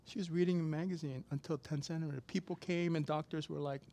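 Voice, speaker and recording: A man preaching a sermon, telling a personal story casually with sudden loud, emphatic bursts. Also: fairly high pitch, steady tone, fast talker. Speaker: pastor.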